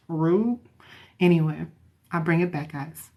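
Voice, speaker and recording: A woman's voice: on the low side, big pitch swings. A woman hypnotherapist chatting casually with her viewers, explaining how she works. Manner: chatty, loose, talks straight to viewers; slows down and softens her voice when demonstrating.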